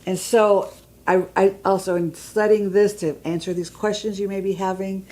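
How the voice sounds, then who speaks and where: A woman's voice: mid-range voice, flat delivery, moderate pace, darkish tone, rough recording. A woman giving a conversational church teaching, reading scripture aloud and checking in with her listeners. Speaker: Bible teacher.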